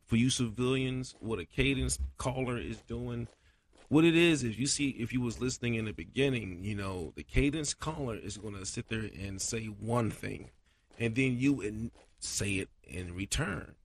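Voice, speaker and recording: A man hosting a casual podcast monologue, his voice a little scratchy, talking colloquially and getting animated. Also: medium pitch, normal speed. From Florida. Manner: animated, swings loud for chanted cadence bits; colloquial, repeats "you know". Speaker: podcast host, cadence caller.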